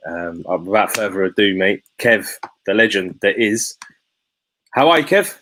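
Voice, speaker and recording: A man's voice: lowish voice, expressive, unhurried, bright, forceful tone, a little hiss or hum, rough recording. A man hosting a live chat, talking in an emotional, slangy way with many restarts. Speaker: host.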